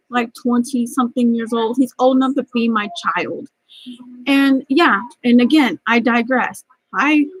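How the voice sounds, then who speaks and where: A woman's voice: fairly high pitch, a bit bright, dry recording, low-quality recording. A middle-aged woman telling a rambling, angry story about work in a vlog. She is close to tears and often restarts her sentences. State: near tears. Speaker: vlogger.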